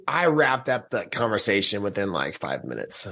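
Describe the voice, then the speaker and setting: A man guest on a podcast telling a candid personal story in an animated way, acting out his own past thoughts with restarts and quick laughs. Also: on the low side, breathy edge.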